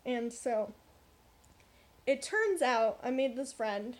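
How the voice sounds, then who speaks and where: A young woman vlogger telling a workplace story in a casual, animated, blunt way. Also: sits high, a little slow. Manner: animated, blunt, frequent swearing and asides.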